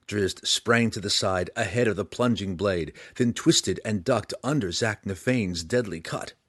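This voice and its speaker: A man reading a fantasy audiobook aloud, in a dramatic, lively way. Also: on the low side, no room sound, studio quality. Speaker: audiobook reader.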